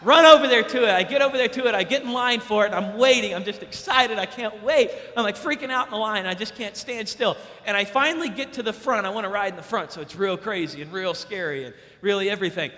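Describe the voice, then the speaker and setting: A young man preaching a sermon to youth, emphatic and repetitive, acting out stories with sudden loud excitement. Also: high-pitched, fast, few pauses. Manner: emphatic, repeats key lines. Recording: long hall reverb.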